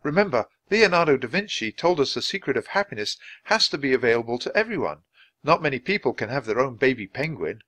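A cautious young boy thinking things through aloud, his voice raised and animated, as a man reading a storybook puts him on. Close, dry sound. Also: mid-range voice, quick pace, dry recording. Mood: thoughtful. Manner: careful, explaining.

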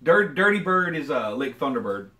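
Man from Oklahoma with a put-on Southern accent, playful country-style vlogger, fairly high voice, roomy echo. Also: big pitch swings, normal speed, bright, forceful tone, recorded from a distance. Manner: jokey, slips into exaggerated country voices. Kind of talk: casual chat.

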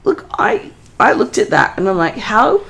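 A woman's voice: mid-range voice, huge pitch swings, moderate pace, gravelly, fairly bright tone. A woman co-hosting a podcast in casual chat, giggly, swearing freely and drifting into tangents. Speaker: podcast co-host.

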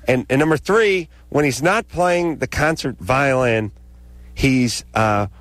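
In a radio studio, a man co-hosting a talk radio show tells a comic story, ranting sarcastically with animated delivery. His voice is medium in pitch and slow, and the recording is dry.

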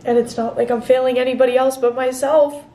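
Speaking brisk and flat in a high, mellow voice, this 21-year-old vlogger gets candid and emotional, tearful at moments, in a confessional clip. She films outside, then inside, with the camera resting close by, and there is slight background noise.

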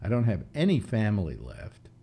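A man's voice: fairly low pitch, wildly swooping pitch, moderate pace, mellow, breathy edge. A man in his seventies hosting a casual talk show, rambling through philosophical musings with frequent restarts. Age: 70s. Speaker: host.

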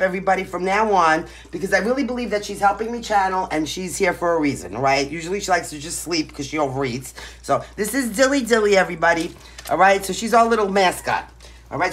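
Speaking to the camera in a Brooklyn New York accent, a woman does a casual tarot reading, bluntly driving home each point and finishing them with "right?" or "okay?". Her voice is medium-pitched with a fairly bright tone.

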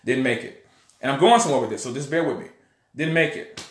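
A man telling a personal story in a casual, animated way, often acting out the voices of others. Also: medium pitch, fast talker, reverberant. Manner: animated storyteller, acts out voices, many restarts. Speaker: online preacher and channel host.

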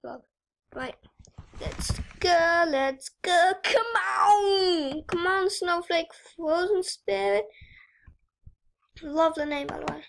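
A teenage girl with a high, light voice talks straight to her viewers. She chats in an excitable, rambling way while she plays an online game. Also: slow, gravelly, long pauses, a little hiss or hum. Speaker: YouTuber. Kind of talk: casual gaming vlog commentary.

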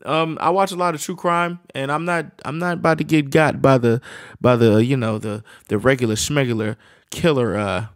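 A man's voice: medium pitch, fairly even intonation, normal speed. A man co-hosting a movie reaction, rambling through profane, joking asides. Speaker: co-host. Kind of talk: casual reaction chat.

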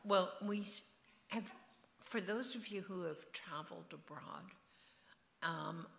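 A woman's voice: lowish voice, slow, creaky, fairly bright tone, echoey room. A woman author in an onstage festival conversation, musing and digressive, with a rhythmic way of speaking. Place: event hall.

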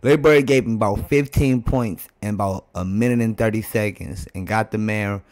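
A man talks to his viewers in a relaxed, chatty reaction-video style, his voice sitting low. He keeps the commentary loose and conversational. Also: moderate pace. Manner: laid-back, chatty, addressing viewers.

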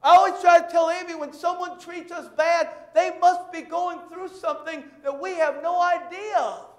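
A man preaching a sermon as pastor, emphatic and repetitive, acting out quick bits of dialogue to make his points. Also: very high-pitched, steady tone. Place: church. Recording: echoey church sanctuary.

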